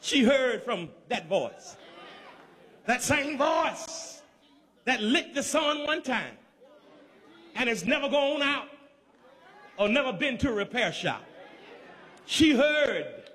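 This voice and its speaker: A man's voice: slow pace, long pauses, big-room sound, some chatter behind. A man with a Southern accent, from Georgia, preaching a sermon in a rhythmic, repetitive cadence and calling out to the congregation. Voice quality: high, lively voice, often shouting.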